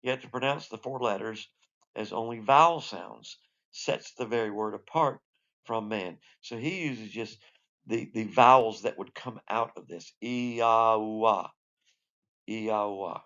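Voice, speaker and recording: A man's voice: on the low side, unhurried, fairly bright tone, lo-fi sound. A man teaching a recorded Bible lesson, explaining in a conversational way with asides. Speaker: Sunday school teacher.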